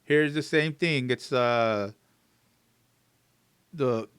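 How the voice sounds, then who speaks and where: A man teaching English phrases, repeating each one slowly and word by word, with fillers and friendly asides to his viewers. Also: medium pitch, fairly bright tone, clean tone, no echo. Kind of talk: slow, drilled phrase teaching.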